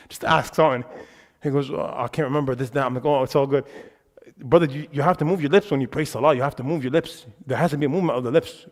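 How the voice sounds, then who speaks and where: Fast-talking emphatic man teaching. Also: mid-range voice. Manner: animated, emphatic; conversational, uses filler words. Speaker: religious teacher. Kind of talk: lecture on worship. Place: mosque hall. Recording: reverberant mosque hall.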